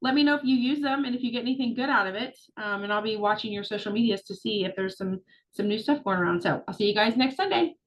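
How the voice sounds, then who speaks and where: A woman's voice: a little high, quick pace, rough recording. A middle-aged woman coaching her group on a video call, talking in a chatty, upbeat way with plenty of fillers. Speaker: social media business coach.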